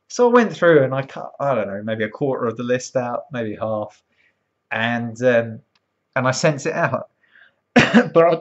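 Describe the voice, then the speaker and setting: A man telling a long story casually, acting out the people he quotes, with lots of ums and restarts. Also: mid-range voice. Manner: animated, acts out quoted voices, frequent ums and restarts. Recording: dull lo-fi sound.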